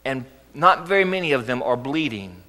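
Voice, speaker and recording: A man preaching a sermon as pastor, earnest and gently coaxing, often asking rhetorical questions. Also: medium pitch, animated, moderate pace. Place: church sanctuary. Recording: echoey church hall.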